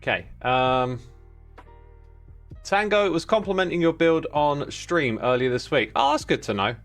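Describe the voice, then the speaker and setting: A man's voice: fairly high pitch, expressive, a little slow, fairly bright tone, soft background music. Easygoing man chatting on a livestream. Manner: easygoing, rambling, reads viewer names and messages aloud. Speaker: livestreaming gamer. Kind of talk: casual livestream chat.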